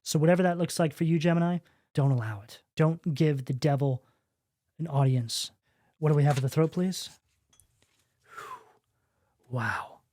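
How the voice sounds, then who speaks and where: A man's voice: fairly high pitch, a little mellow, no room sound, studio quality. A man giving a tarot reading in a preachy, emphatic way, often asking "right?". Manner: preachy, emphatic, rhetorical questions. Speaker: tarot reader.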